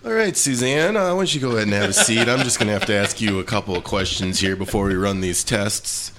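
A man's voice: fairly low pitch, fast, bright, forceful tone. A man playing an easygoing male doctor who questions a patient in a comedy sketch.

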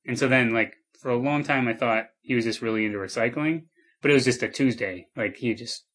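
A man trading absurd deadpan bits in an improvised comedy chat. His voice sits at an ordinary middle pitch, and he laughs easily as he builds on a silly idea. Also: fairly quick, husky.

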